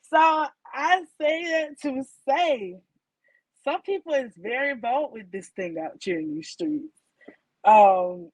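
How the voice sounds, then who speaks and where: Woman podcast host tellin a story, kinda high voice, chatty, lots of fillers, dry close mic. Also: dry recording, poor audio. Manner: chatty, addresses listeners as y'all, many fillers.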